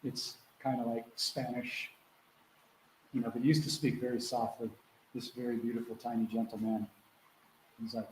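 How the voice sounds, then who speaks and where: A man's voice: medium pitch, level tone, moderate pace, pauses often. A man hosting a live question-and-answer call as a spiritual mentor, talking casually and earnestly, acting out quotes and swearing freely over a video call. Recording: echoey room with faint background noise.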